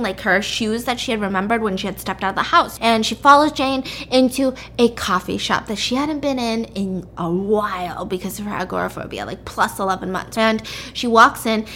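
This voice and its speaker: A woman with a fairly high, fairly bright voice casually recaps a story as a podcast co-host. She acts out the characters' lines and keeps saying "like" and "right?" in this relaxed plot retelling.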